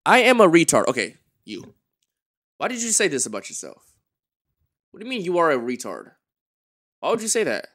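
A man streaming a reaction, talking to his chat in an animated way, dropping to a mumble and then getting loud. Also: fairly high pitch, moderate pace, pauses often. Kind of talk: livestream reaction commentary.

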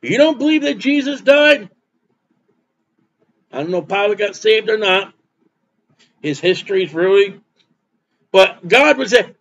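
A man's voice: sits high, lively intonation, unhurried, long pauses, fairly bright tone, dull audio. A man preaching a sermon as pastor, emphatic and repeating his points for stress.

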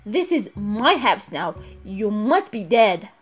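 A woman's voice: mid-range voice, sing-song, breathy edge, faint music behind, voice pushed down, exaggerated voice. Woman doing a drawling surfer-dude ghost. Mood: mellow. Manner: slow, drawling, says dude. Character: laid-back surfer-dude male ghost.

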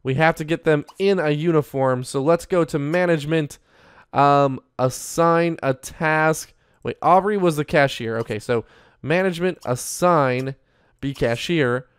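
A chatty young man narrates his gameplay in an upbeat, casual way and keeps turning to his viewers. His voice sits a little high and sounds smooth and clear. The recording is close and dry, with no room sound at all. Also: unhurried, no room sound. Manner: chatty, upbeat, talks to viewers as "you guys". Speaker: gaming YouTuber. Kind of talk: casual Let's Play commentary.

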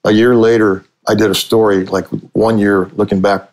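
A low-pitched older man from Cincinnati recounts stories as a guest on a sports podcast. He talks in a rambling way, circling back and restarting his sentences as he goes. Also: little pitch movement, moderate pace, a little mellow, rough recording. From Cincinnati, USA. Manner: rambling storyteller with frequent restarts. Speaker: sportswriter and author. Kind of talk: conversational storytelling interview.

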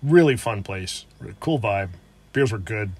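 A man with a low, husky voice trades casual remarks with his co-host. He is laid-back and laughs often while he talks. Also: animated, a little slow, darkish tone. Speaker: co-host reviewing breweries. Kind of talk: casual chat.

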